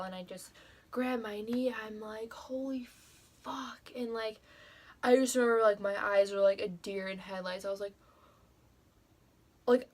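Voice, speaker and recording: A young woman telling a personal story to the camera in a casual vlog, emotional and full of fillers, with frequent swearing. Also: mid-range voice. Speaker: vlogger.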